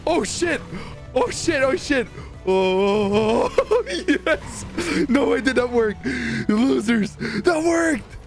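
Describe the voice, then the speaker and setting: A man's voice: very high voice, big pitch swings, very slow, soft background music. A man streaming a robbery roleplay in a game, panicky and swearing with frequent exclamations. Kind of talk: frantic gameplay roleplay.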